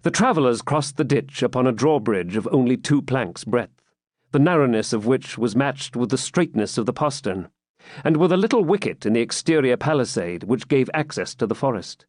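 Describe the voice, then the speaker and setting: Male audiobook narrator for a classic novel; lively pitch, dry close sound. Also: no room sound. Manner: measured, expressive narration. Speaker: audiobook reader. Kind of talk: reading a classic novel aloud.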